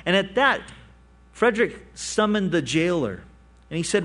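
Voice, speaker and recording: Animated male pastor preaching. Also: high-pitched, normal speed. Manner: animated storytelling, rising for emphasis and dropping to quiet asides. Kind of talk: sermon.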